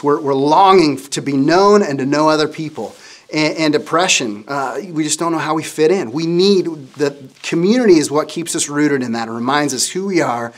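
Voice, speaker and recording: A middle-aged man with a somewhat high voice delivers a kids' sermon as a children's pastor. He tells stories with animated energy and talks straight to the kids. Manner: animated storytelling, addresses kids as "you guys".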